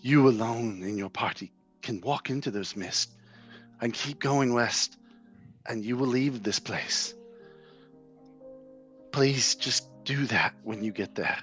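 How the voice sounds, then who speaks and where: A man's voice: on the low side, slow, long pauses, soft background music. A man voicing a young female fortune-teller who speaks in a solemn, prophetic way.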